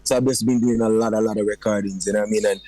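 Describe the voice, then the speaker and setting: A Jamaican man talks about his year in a radio studio interview. His voice sits low and the studio sound is dry and close. He keeps dropping "you know what I mean" and drifts into patois. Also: fairly even intonation, racing, dark tone, no echo, poor audio. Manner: slips into patois. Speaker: dancehall recording artist.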